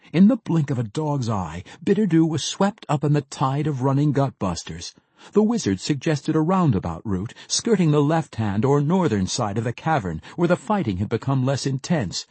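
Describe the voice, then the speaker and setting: A man reads a fantasy novel aloud with an animated, expressive storytelling manner. His voice is mellow and slightly husky, recorded close and dry. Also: medium pitch, no room sound. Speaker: audiobook narrator. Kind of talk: scripted fantasy narration.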